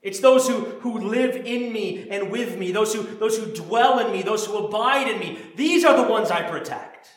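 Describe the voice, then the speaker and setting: A man's voice: high voice, moderate pace, few pauses. A man preaching a sermon as pastor, earnest and repeating words when he stresses a point. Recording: very echoey room.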